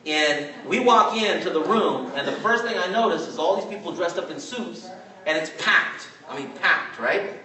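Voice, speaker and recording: A man from California in his forties, telling a story to a live audience at a training event in a chatty, animated way and asking "right?" again and again. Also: a little high, moderate pace, a crowd in the background. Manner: chatty, animated, asks "right?" often, laughs as he talks. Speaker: network marketing trainer. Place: large hall with an audience. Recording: very echoey hall, mic far off.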